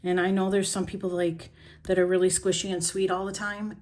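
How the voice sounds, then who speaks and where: A woman vlogging about her journaling, talking bluntly and emotionally with pauses and fillers, shaken as she speaks. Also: mid-range voice, flat delivery, a little mellow, a little hiss or hum. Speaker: planner vlogger. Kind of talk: emotional journaling talk to camera.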